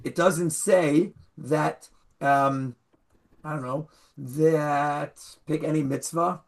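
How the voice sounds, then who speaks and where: Slow gravelly man teaching a class. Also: fairly high pitch, fairly even intonation. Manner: slow, explaining, stresses words. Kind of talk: online Torah class.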